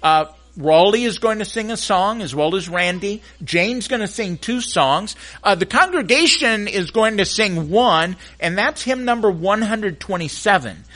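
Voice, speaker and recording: Lively pastor at a church service. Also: male voice, sits high, unhurried. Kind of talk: sermon with a puppet skit.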